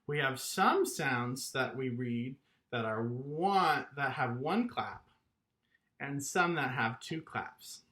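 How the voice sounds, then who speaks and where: Lively man teaching kids music. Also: medium pitch, slow pace. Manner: animated, encouraging, chants rhythms and claps along. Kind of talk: online music lesson for young children.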